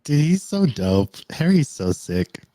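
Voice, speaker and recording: A man's voice: on the high side, big pitch swings, slow, warm tone, no echo. A man in casual live-stream chat, laid-back and enthusiastic, stretching his phrases. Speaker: co-host.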